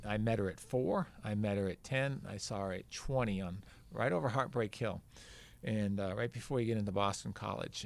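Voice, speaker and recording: An older man, a veteran marathon runner, guests on a podcast and casually tells a long, rambling story, acting out what people said. His voice is lowish, with vocal fry.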